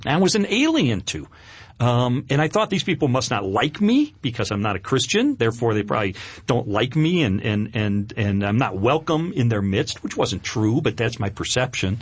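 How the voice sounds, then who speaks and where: A man's voice: mid-range voice, big pitch swings, normal speed, breathy edge, no echo. A middle-aged man giving an earnest, candid personal testimony as an interview guest, with hesitant restarts.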